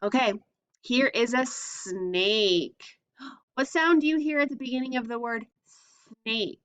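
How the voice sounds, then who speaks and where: A woman's voice: on the high side, animated, measured pace, fairly bright tone, clean tone. A woman teaching a phonics lesson to young children, patiently sounding out letters and asking simple questions.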